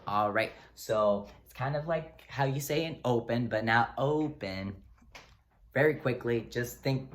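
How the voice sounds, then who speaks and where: A man teaching pronunciation in a casual video lesson, relaxed and encouraging, joking often and using plenty of fillers. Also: mid-range voice, measured pace. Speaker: language teacher. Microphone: close-up camera.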